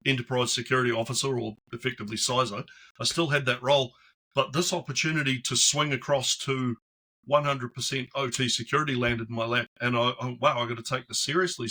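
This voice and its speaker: A man guesting on a podcast tells stories in a relaxed, chatty way and acts out the voices of people in them. His voice is bright and forceful at a middle pitch. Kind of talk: casual storytelling interview.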